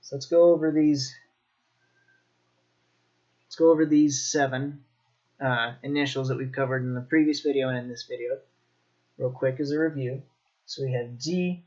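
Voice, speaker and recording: Slow-spoken man teaching pronunciation. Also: mid-range voice, steady tone, darkish tone, highs cut off. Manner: slow, demonstrative, repeats sounds. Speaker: Mandarin teacher. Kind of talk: pronunciation lesson.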